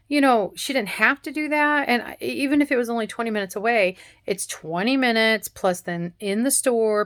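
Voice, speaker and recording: A middle-aged woman, rambling through a casual story and acting out the other people in it. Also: medium pitch. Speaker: cooking channel host.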